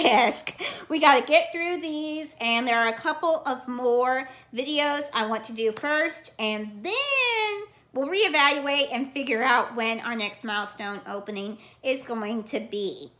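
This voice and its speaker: A woman talks in a put-on, cheesy Southern US accent with a slightly high voice. She rambles casually like a vlog host, calling herself Auntie as she chats. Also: bright, forceful tone, reverberant. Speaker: card collecting channel host.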